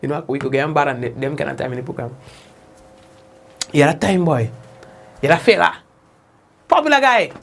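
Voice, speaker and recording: A man hosting a casual live news show, chatty and laughing often, his voice jumping high when he tells a joke. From Saint Vincent and the Grenadines. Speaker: news host.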